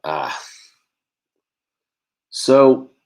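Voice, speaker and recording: A man from Texas doing a stand-up set over a video call, firing off quick deadpan one-liners and putting on voices for the characters in his jokes. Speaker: stand-up comedian.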